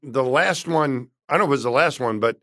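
A male host asks a guest questions in a relaxed interview, wandering a little before he gets to each one. His voice sits at a middle pitch. It sounds dry and close, with no room echo. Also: quick pace. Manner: rambling, friendly questions. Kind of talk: casual interview.

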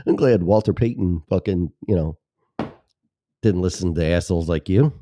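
Deep and dark-toned, this man speaks at a moderate pace over a slight hiss or hum. He's a talk show host from suburban Chicago, Illinois, riffing alone in a profane, sarcastic ramble that keeps interrupting itself.

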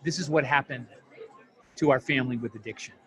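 A man's voice: medium pitch, fairly quick, a bit bright. Earnest man telling heartfelt stories. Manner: earnest, heartfelt, moved to emotion. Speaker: family addiction program counselor. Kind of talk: interview storytelling.

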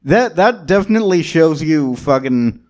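A man's voice: a little high, expressive, moderate pace, a little mellow. A young man co-hosting a casual podcast who laughs a lot and chimes in with short replies. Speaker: podcast co-host.

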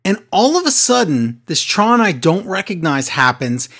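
Animated man recapping with big swings. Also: moderate pace, slightly rough. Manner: excitable, animated storytelling with sudden pitch jumps. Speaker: podcast co-host. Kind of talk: casual wrestling recap chat.

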